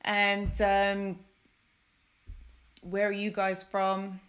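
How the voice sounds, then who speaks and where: A woman's voice: mid-range voice, completely flat delivery, drawn-out words, a bit bright. A woman hosting a live stream, chatting effusively with viewers and greeting them by name, then turning encouraging and reassuring. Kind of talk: casual live stream chat. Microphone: desk microphone.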